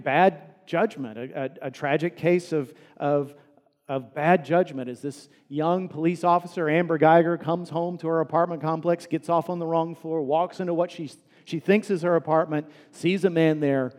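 A man preaching a sermon as pastor, earnest, climbing to emphatic peaks and dropping soft again. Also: on the high side, in a large hall.

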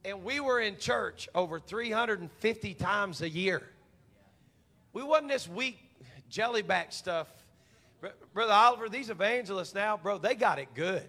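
A man's voice: sits high, measured pace, pushed and bright. A man in his forties preaching a sermon as a humorous, folksy story. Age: 40s.

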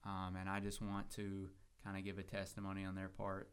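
Man, student ministry leader, smooth resonant voice, lowish pitch, easygoing church chat. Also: brisk, hardly any pauses. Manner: relaxed, rambling with fillers. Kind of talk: casual church podcast talk.

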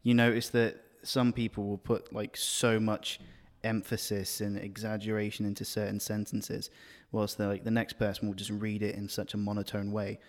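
A man's voice: fairly low pitch, completely flat delivery, moderate pace, hardly any pauses, in a large hall. A man chatting casually and agreeably. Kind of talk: casual chat.

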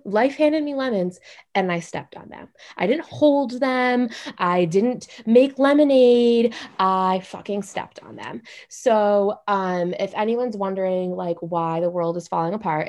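A young adult woman telling a funny story in casual podcast chat, animated and full of "like". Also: medium pitch. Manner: animated, fast, heavy use of "like".

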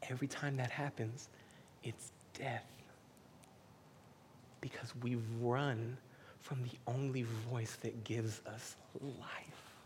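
A man preaching a casual, heartfelt sermon that moves between hushed whispers and loud, emphatic passages. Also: mid-range voice, steady tone, takes it slowly. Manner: casual, uses "man" and "y'all". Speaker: pastor. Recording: hall with faint background noise.

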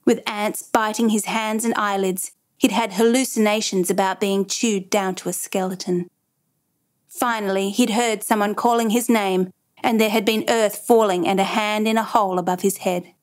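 A woman giving measured, dramatic scripted narration of a true crime story. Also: mid-range voice, fairly even intonation.

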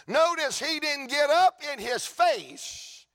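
A man's voice: very high-pitched, animated, slow, fairly bright tone. A man preaching a sermon in church with a fervent, repetitive cadence. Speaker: pastor.

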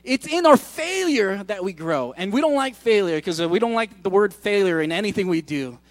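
A middle-aged man preaching a sermon as pastor, pleading and impassioned, dropping soft then shouting. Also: sits high, lively intonation, normal speed, dry recording. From Korea. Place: church hall. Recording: dry close mic, faint music behind.

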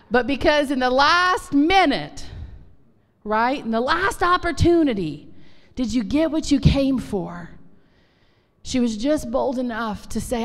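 A woman pastor giving an emphatic, animated testimony sermon in a church. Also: fairly high pitch, a little slow. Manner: animated, emphatic preaching with Southern turns of phrase. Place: church sanctuary. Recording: long church reverb.

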